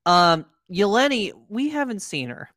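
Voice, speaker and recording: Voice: medium pitch, big pitch swings, unhurried, a bit bright, no echo, clean studio sound. A podcast co-host chatting casually and animatedly, acting out quoted lines.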